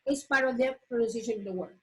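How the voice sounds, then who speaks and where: A high-voiced woman with a somewhat dark tone teaches English online, explaining step by step, repeating words and pausing on fillers. She comes through a computer mic on a video call, with poor audio and slight background noise.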